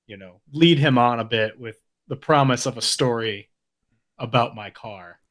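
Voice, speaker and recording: A man co-hosting a podcast, calm and teasing, building a story up at a measured pace. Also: medium pitch. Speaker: podcast co-host. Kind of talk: casual storytelling.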